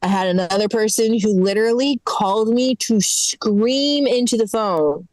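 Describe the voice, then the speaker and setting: A woman's voice: mid-range voice, normal speed, hardly any pauses, a little mellow, no echo, rough recording. A woman doing a stand-up set in a comedy club, sarcastic and exasperated as she acts out fussy callers.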